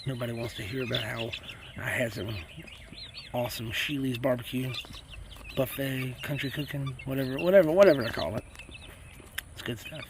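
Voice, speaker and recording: At normal speed and pausing often, a mid-range male voice is heard over background noise. It's a South Carolina homesteading host chatting casually on his farm near the chickens, rambling in a folksy manner and saying y'all a lot.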